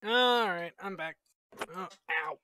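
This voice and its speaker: A man's voice: sits high, takes it slowly, pushed and bright, dry recording. A man streaming a strategy game, chatting casually and thinking aloud as he plays, into a desk microphone. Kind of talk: casual live-stream commentary.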